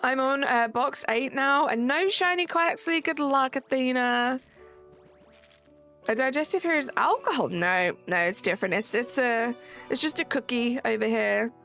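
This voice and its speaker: A woman's voice: a little high, normal speed, a bit bright. A young woman live streaming at home on a desk mic, chatting casually, reading chat aloud and joking back. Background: faint game music.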